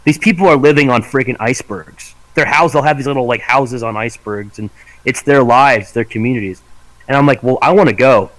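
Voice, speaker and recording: A man's voice: mid-range voice, brisk, fairly bright tone, low-quality recording. A man co-hosting a podcast in casual chat, rambling and cursing, often laughing into his words. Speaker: podcast co-host.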